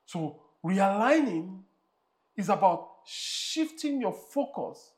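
A man's voice: sits high, big pitch swings, slow pace. A man preaching a sermon as pastor, using rhythmic repeated phrases and rising emphasis, and acting out the voices of characters in a story.

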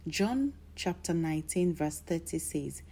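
A woman's voice: deep voice, animated, a little slow, mellow, a little hiss or hum. A woman preaching a sermon in a declarative style, building to emphatic bursts.

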